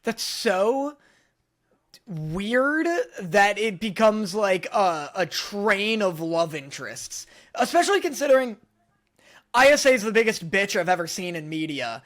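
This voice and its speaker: A man co-hosting a casual podcast, playful, whose lines often trail off into low mumbles. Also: very animated, measured pace, a bit bright. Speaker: podcast co-host.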